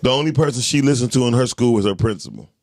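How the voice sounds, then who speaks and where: A man hosting a podcast chat, talking forcefully and emphatically, often repeating himself. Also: medium pitch, lively intonation, very fast, no room sound. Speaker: podcast host. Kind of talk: casual group chat.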